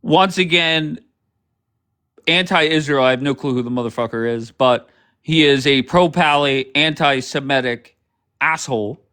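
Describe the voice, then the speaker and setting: A man's voice: on the high side, a little slow, pushed and bright, smooth. A man hosting a livestream, ranting sarcastically over clips with plenty of swearing. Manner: sarcastic, profane, heated. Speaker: livestream host.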